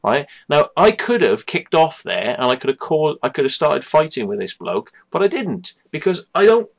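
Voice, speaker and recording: A man's voice: a little high, very animated, normal speed, creaky. A man telling a personal story to camera, heated and sweary, who keeps checking in with "right?" and "yeah?". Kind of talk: angry personal account to camera.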